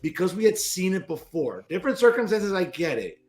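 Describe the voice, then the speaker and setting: A man's voice: sits high, big pitch swings, a little fast, a little mellow. A man cohosting a wrestling podcast, earnestly building his case in casual panel debate. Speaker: podcast co-host.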